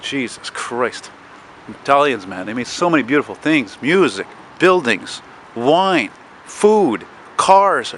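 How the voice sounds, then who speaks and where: A man's voice: medium pitch, lively intonation, takes it slowly, fairly bright tone. A man narrating a casual walking vlog outdoors, rambling and swearing as he chats to his viewers. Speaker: vlogger. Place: outdoors on a city street at dusk. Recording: street noise and passing cars. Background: street traffic.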